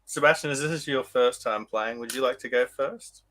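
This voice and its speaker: Bright-voiced man hosting. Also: medium pitch, moderate pace, rough recording. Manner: upbeat, explains rules clearly. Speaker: podcast host. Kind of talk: hosting a podcast quiz.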